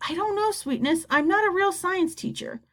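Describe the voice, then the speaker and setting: A woman voicing a gentle mother who speaks softly to calm her child. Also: extremely high pitch, normal speed, voice pushed up. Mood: soothing. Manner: soft, calming.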